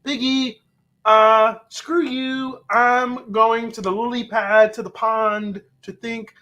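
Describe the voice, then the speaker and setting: Man impersonating a frog puppet: high, strained, halting, exasperated. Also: level tone, pushed and bright, lo-fi sound, full character voice. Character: angry male cartoon frog puppet.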